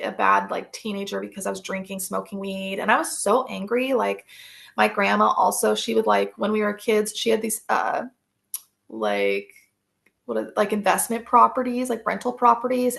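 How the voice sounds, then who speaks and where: A woman's voice: medium pitch, gravelly, fairly bright tone. A woman, a podcast guest, telling personal stories in a casual, rambling way, full of fillers and restarts.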